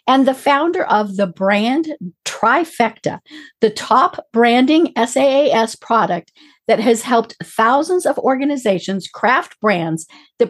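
A woman hosting a business interview show, bubbly and enthusiastic, talking through a squeaky, strained voice. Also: breathy edge. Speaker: podcast host.

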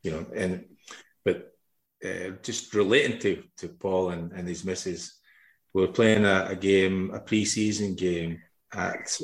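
A middle-aged man with a low voice spins a loose, rambling story, breaking into laughter as he talks. The sound is roomy, with a noticeable echo around him. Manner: rambling, laughs while telling. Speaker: podcast host. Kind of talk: casual storytelling.

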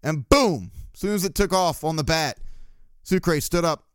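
A man rants bluntly through a casual solo sports podcast, swearing freely and laughing at his own jabs. His voice sits a little high for a man and comes across smooth and resonant. The sound is close and dry, with no room around it. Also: unhurried, no room sound. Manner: blunt, crude ranting with laughs. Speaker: podcast host.

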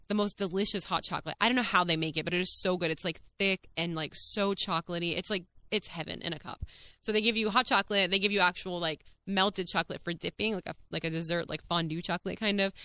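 Bubbly fast-talking woman. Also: on the low side, sharp tone, smooth, no echo. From Texas. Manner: bubbly, rambling, fast-talking with frequent laughs. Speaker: podcast host. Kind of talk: casual chat.

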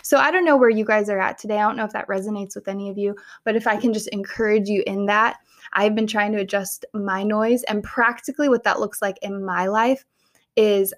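Young woman, podcast host, casual faith talk, earnest and conversational, middle pitch. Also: steady tone, fairly quick.

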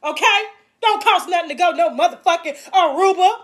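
A woman's voice: very high-pitched, fairly quick. A woman hosting her own livestream, delivering a crude, taunting rant with mocking laughter. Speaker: livestream host.

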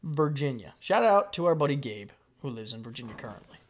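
A young man hosting a casual podcast, blunt and profane, often breaking into loud laughter. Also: mid-range voice, sing-song, a little fast. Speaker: podcast host.

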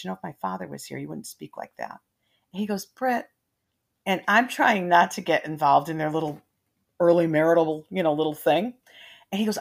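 A woman's voice: fairly low pitch, gravelly. A middle-aged woman, a mother, telling family ghost stories in a rambling, casual way, with many restarts and quoted voices. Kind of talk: casual storytelling.

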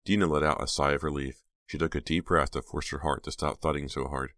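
A man narrating an audiobook in a steady, suspenseful reading. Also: extremely low pitch, brisk, no echo, clean studio sound. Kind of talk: scripted narration.

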